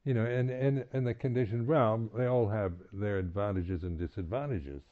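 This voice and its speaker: With a lowish voice, a man teaching meditation at a retreat gives a reflective dharma talk. He speaks haltingly, with many restarts and repeated words, and soft chuckles come between his points. The audio is tinny and phone-like.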